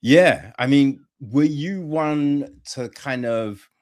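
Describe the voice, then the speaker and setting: A man's voice: medium pitch, slow pace, a little mellow. A man hosting a podcast interview, talking in a rambling casual way and often asking "right?" for agreement. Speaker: podcast host.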